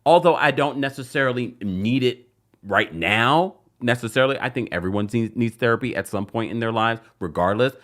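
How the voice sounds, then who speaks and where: A man hosting a casual reality TV recap show, chatting and reading a sponsor spot. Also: a little fast. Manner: animated, chatty, jumps up in pitch for emphasis.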